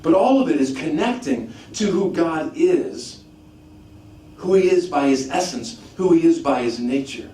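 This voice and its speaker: A man preaching a teaching sermon, animated, asking rhetorical questions and often restarting his sentences. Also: on the high side, measured pace. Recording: echoey room, mic at a distance, faint background noise.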